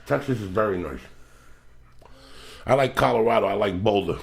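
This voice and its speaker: A middle-aged man hosting a podcast, telling rambling, profane stories in a loud, animated way. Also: lowish voice, moderate pace, creaky. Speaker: podcast host. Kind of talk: casual podcast chat.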